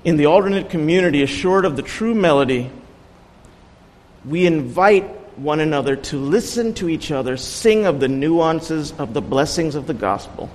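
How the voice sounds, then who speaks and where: A man's voice: on the high side, expressive, normal speed, a little mellow, big-room sound, low-quality recording. A man giving an earnest sermon as a guest preacher, telling personal stories with light humor.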